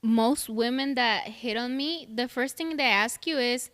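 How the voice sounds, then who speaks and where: A woman's voice: on the high side, a little slow, a bit bright. A woman who is a guest on a podcast, talking in a loose, casual way and swearing freely. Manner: casual, swears freely, short reactive replies.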